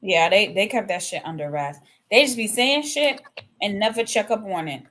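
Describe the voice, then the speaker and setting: A woman's voice: mid-range voice, lively intonation, normal speed, a bit bright. A woman co-hosting a podcast, chatting bluntly in casual slang. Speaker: podcast co-host. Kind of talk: casual chat.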